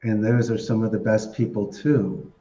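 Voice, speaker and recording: A man appears as a podcast guest in casual interview talk, chatty and playful with words, laughing frequently. His voice is on the low side, steady and dark, at a normal speed, and the recording sounds dull and roomy.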